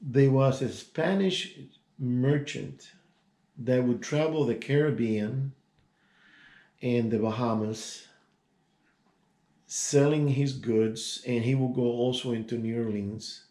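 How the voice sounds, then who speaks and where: A man's voice: medium pitch, slow pace, long pauses, dark tone. A man in his sixties telling a personal story in a casual, rambling way, with many asides and restarts. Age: 60s. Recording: echoey room.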